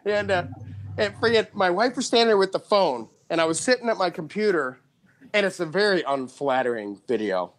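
A man hosting a podcast, telling a story in casual chat, excited, with frequent restarts and laughs. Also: sits high, a little fast. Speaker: podcast host.

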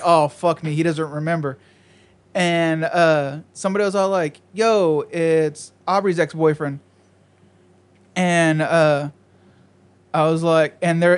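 A man's voice: on the high side, moderate pace, smooth. Laid-back young man telling a story. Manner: laid-back, profane, acts out voices in stories. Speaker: podcast co-host. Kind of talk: casual storytelling chat.

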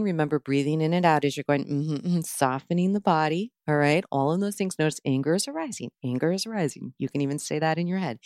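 Low-voiced woman teaching mindfulness. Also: fast, no room sound, clean studio sound. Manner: calm, earnest, explains step by step with many fillers. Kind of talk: casual podcast chat.

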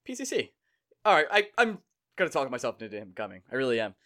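A man's voice: medium pitch, quick pace. A man co-hosting a sports podcast, joking around and laughing often. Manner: jokey, animated, laughs often. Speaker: podcast co-host. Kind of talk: casual sports chat.

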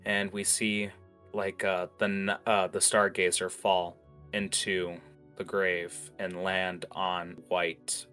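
A man running a tabletop game with a low voice, loose and casual, leaning on lots of filler words as he narrates the scene. He sounds relaxed and conversational. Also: slow, faint music behind. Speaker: game master.

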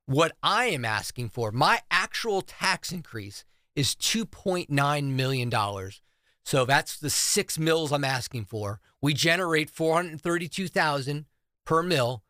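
A man's voice: on the high side, big pitch swings, unhurried, pushed and bright, dry recording, clean studio sound. A middle-aged man from New Jersey, a school superintendent answering radio interview questions earnestly and walking through budget figures. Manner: earnest, explains with figures and numbers. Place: radio studio.

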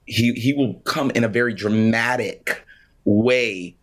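A man's voice: medium pitch, takes it slowly, fairly bright tone. A man joins a faith panel as a guest, speaking in a mid-range voice. He reflects on his belief and lays it out step by step. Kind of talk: faith podcast discussion.

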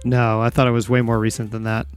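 A man hosting a casual comedy podcast, with a teasing, deadpan delivery. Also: medium pitch, fast talker, clear, resonant tone, faint music behind. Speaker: podcast host.

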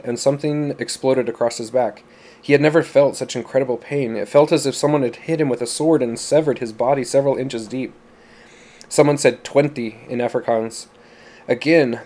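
A man narrating a story in a steady, plain storytelling manner. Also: medium pitch. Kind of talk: audiobook narration.

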